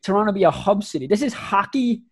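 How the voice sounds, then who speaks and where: A man co-hosting a sports podcast, ranting emphatically with quick restarts and rising outbursts. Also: sits high, expressive, husky. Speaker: podcast co-host. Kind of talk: heated sports podcast rant.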